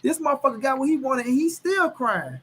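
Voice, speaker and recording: Loud profane man arguing boxing. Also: very high-pitched, lively intonation, a little fast, background noise. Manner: loud, profane, talks over others. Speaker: boxing show co-host. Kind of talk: heated casual debate.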